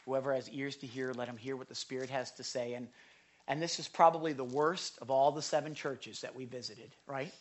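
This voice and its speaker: A middle-aged man preaching a sermon, with impassioned pleas that rise high and then drop to quiet urging. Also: steady tone, a little fast. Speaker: pastor. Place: church without a microphone.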